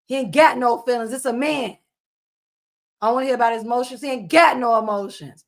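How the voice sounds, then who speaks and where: A woman with a fairly high voice scolds bluntly in casual commentary. She repeats herself for emphasis and talks with flat certainty. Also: brisk.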